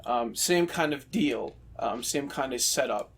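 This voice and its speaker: A man's voice: mid-range voice, animated, measured pace, a bit bright, husky. A man in casual podcast chat, joking, teasing and swearing freely. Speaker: podcast co-host.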